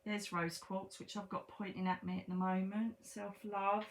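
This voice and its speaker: A woman's voice: mid-range voice, level tone, normal speed, a little hiss or hum. A woman, giving a chatty, reassuring tarot reading and repeating herself for emphasis. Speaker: psychic medium.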